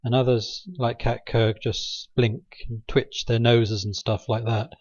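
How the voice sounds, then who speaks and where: Man, dry sarcastic rambler, mid-pitched, hesitant with lots of ums, dull lo-fi home recording, close and dry. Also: little pitch movement, unhurried, darkish tone, husky, no echo. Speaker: video maker. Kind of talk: rambling satirical monologue.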